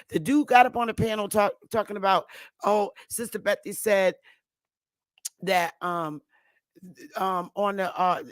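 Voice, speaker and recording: Middle-aged woman, talk show host, insistent livestream monologue, repeats for emphasis, mid pitch, dead-dry recording. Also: dry recording. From Connecticut, United States.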